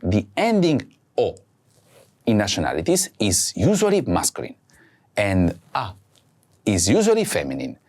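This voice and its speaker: A man hosting a language lesson, speaking slowly and clearly and saying each word twice for practice. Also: fairly low pitch, wildly swooping pitch, darkish tone. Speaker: language teacher host. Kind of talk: slow scripted lesson with repeat-after-me drills.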